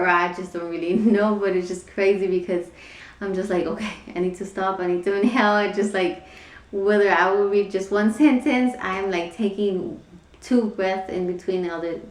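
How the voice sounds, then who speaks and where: A young woman chatting casually in a vlog, rambling with many fillers and frequent laughs. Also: lowish voice. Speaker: vlogger. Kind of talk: casual pregnancy vlog chat. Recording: echoey room, somewhat far from mic.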